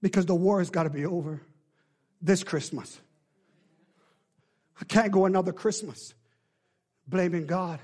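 A man preaching a sermon as pastor, swinging between shouted pleas and hushed, drawn-out lines with a call-and-response cadence. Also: high-pitched. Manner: shifts between shouting and hushed near-whispers.

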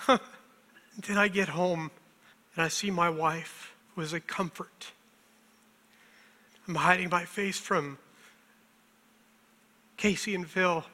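In a church sanctuary with long hall reverb, a middle-aged male pastor preaches emotionally and self-deprecatingly, near tears and often laughing through them. His voice sits high, pushed and bright.

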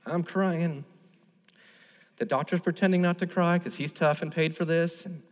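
A man's voice: fairly high pitch, fairly even intonation, moderate pace. A man in his thirties, a pastor preaching an earnest sermon, telling a personal story and building to emphatic repeated lines. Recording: long reverb of a large hall.

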